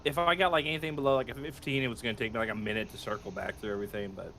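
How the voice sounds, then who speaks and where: A man playing a tabletop game over online voice chat, talking in quick, halting bursts with fillers. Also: medium pitch, fairly even intonation, fairly bright tone, slight background noise. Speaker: player. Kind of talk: casual chat.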